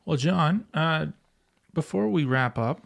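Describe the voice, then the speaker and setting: A man hosting a podcast interview, chatting casually and reacting eagerly with quick affirmations. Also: fairly high pitch, expressive, creaky. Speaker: podcast host.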